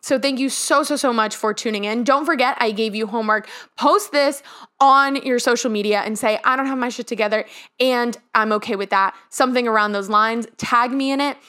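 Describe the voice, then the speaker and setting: A woman's voice: fairly high pitch, fairly quick, bright, forceful tone, clean tone. A young woman hosting her own podcast, talking earnestly and rambling a bit, with lots of "like" fillers, recorded in her bedroom. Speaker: podcast host. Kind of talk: casual solo podcast monologue. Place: childhood bedroom.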